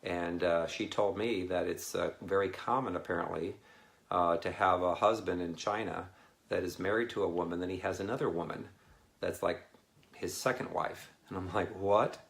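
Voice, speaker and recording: A deep-voiced man with a rough, fry-laden tone talks casually to viewers over a webcam. He rambles and laughs between thoughts, wandering from one topic to the next in an easy, chatty way. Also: fairly bright tone. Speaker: Christian ministry speaker. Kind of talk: casual live video chat with viewers.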